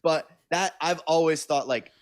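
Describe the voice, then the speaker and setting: A man's voice: a little high, moderate pace, dry recording, studio quality. Rambling man in a comedy podcast. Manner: rambling storyteller, swears freely. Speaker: podcast co-host. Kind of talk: casual comedy podcast chat.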